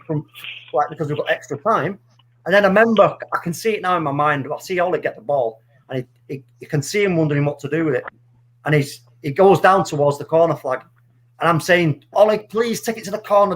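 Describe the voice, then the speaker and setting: High-voiced, animated middle-aged man. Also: a little fast. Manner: animated, swearing storyteller. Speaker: podcast co-host. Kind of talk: casual fan chat.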